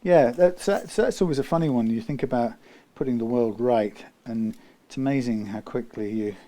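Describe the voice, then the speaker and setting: Mellow man rambling aloud while working. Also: mid-range voice, moderate pace. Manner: rambling, thinking aloud, trails into quiet muttering. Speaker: guitar technician. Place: guitar workshop.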